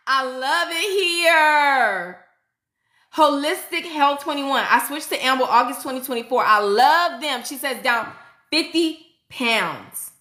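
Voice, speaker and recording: A middle-aged woman nurse hosting a casual livestream, excitedly reading viewers' comments aloud and hyping them up. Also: high-pitched, takes it slowly, echoey room. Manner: excitable, hypes viewers up, frequent "y'all".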